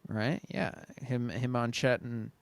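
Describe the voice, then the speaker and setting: A man co-hosting a relaxed sports podcast, reading out listener questions and cracking jokes. His voice sits in a middle range and is recorded close and dry, with no room around it. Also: mid-range voice, takes it slowly, vocal fry, no room sound. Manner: joking, reads listener questions aloud. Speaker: podcast co-host. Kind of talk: casual sports chat.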